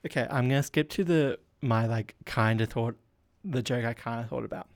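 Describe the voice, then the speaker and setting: A man's voice: medium pitch, normal speed. A man hosting a casual solo podcast, rambling, giggling and running himself down. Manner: rambling, giggly and self-deprecating.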